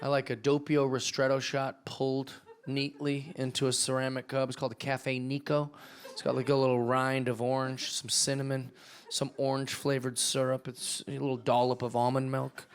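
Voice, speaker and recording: A man's voice: medium pitch, little pitch movement, normal speed. A man from Seattle doing a stand-up comedy set on stage with a handheld mic, ranting energetically with restarts and frequent "right?". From Seattle, USA. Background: audience laughter.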